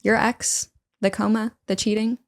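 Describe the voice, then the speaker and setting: A woman hosting a podcast, giving quick encouraging reactions and playful prompts to her guest. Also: mid-range voice, flat delivery, vocal fry. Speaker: podcast host. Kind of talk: casual interview chat.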